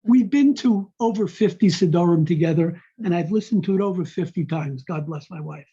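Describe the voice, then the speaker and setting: A man's voice: high voice, a little fast, mellow, husky. A man teaching a text-study class, reading Hebrew phrases aloud and then translating each one into plain English. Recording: dull lo-fi recording.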